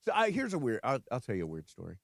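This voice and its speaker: A man's voice: mid-range voice, wildly swooping pitch, racing, gravelly, no echo. A man co-hosting a sports radio talk show, telling rambling personal anecdotes full of restarts in a casual studio chat.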